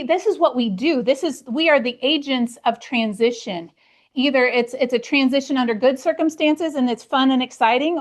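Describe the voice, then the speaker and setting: A middle-aged woman leading a real estate team meeting, speaking earnestly and telling personal stories to motivate her agents. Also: fairly high pitch. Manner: earnest, storytelling, acts out her own past worries.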